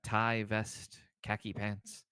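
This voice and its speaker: A man's voice: on the low side, completely flat delivery, slow pace, bright, forceful tone, clean tone, no room sound. A man narrating a tabletop game as game master, hesitant, with many ums and restarts.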